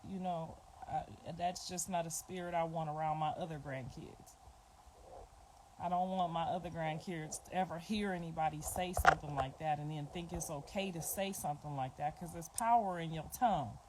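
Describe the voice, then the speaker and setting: A middle-aged woman speaks in a lowish voice, chatting bluntly and informally to her viewers on a phone livestream. She circles back to the same points again and again. Clear clicking noise sits behind her voice. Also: moderate pace, rough recording. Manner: blunt, repetitive, informal talk. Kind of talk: casual livestream chat.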